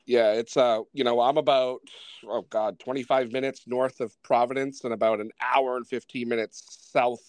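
A man's voice: medium pitch, fairly even intonation, normal speed, a little mellow, clear, resonant tone, dry recording, low-quality recording. A man with a Rhode Island accent hosting a podcast, easygoing and hesitant, with lots of fillers. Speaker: podcast host. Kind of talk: casual interview chat. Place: Massachusetts home studio.

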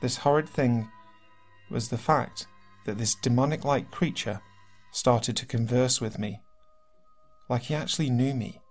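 A man reading submitted horror stories aloud as narrator, in steady, earnest storytelling. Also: medium pitch, a little slow, pauses often. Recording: faint music behind.

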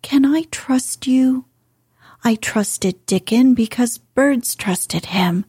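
A woman's voice: on the high side, slow pace, mellow, slightly rough, no echo, clean studio sound, pitched above the performer's own voice, full character voice. A woman voicing a solemn, earnest young girl who pleads to be trusted. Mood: imploring.

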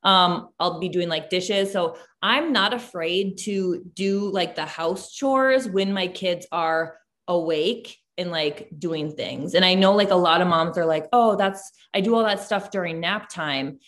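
A woman in her thirties talks in a relaxed, chatty way, scattering "like" through her sentences. Her voice sits a little low for a woman. She tells animated everyday stories in a casual podcast conversation. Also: measured pace. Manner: chatty, lots of "like" fillers, animated storytelling. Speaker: podcast host, mom business owner.

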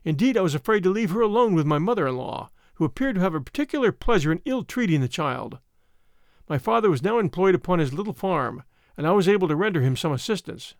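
A man narrating a classic tale as an audiobook reading, in an expressive, dramatic manner. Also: high voice, fast talker, no room sound, studio quality.

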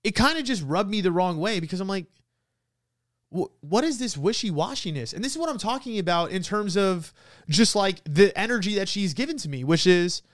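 High, smooth-voiced young man venting. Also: fairly quick, no room sound, studio quality. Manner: animated, frequent "like" fillers, laughs while venting. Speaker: podcast host. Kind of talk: casual storytelling monologue.

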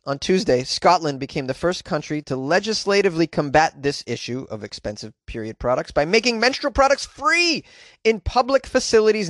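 A man's voice: high voice, fairly bright tone, dry recording, clean studio sound. A man hosting a podcast, reading news stories aloud and riffing on them with sarcastic, rambling asides and casual swearing. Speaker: podcast host.

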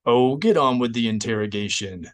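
A woman's voice: a bass voice, lively intonation, normal speed, exaggerated voice. A man voicing a haughty, impatient female Imperial officer. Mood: exasperated. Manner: impatient and scornful.

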